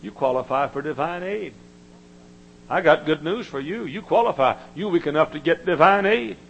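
A man preaching a sermon, with emphatic repetition and dramatic swings from hushed tones to shouting. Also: on the high side, expressive, normal speed, gravelly, lo-fi sound, slight background noise.

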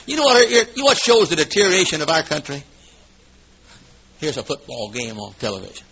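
A preacher man delivers a revival sermon in a church, booming one moment and dropping low the next. His voice sits high and sounds bright and sharp. It comes through a muffled, lo-fi old recording. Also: big pitch swings, brisk, gravelly, husky. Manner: shouting, swinging from booming to hushed, with coughs.

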